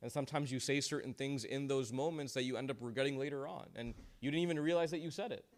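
A man's voice: mid-range voice, fast talker. A man teaching a class, leading a discussion in a joking, encouraging way and praising answers. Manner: joking, encouraging, uses Islamic phrases.

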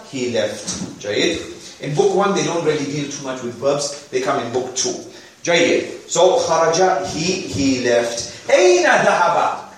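High-voiced male teacher in echoey room. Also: slight background noise. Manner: drills phrases, has class repeat. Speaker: Arabic teacher. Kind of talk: classroom lesson. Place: classroom. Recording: very echoey room, mic far off.

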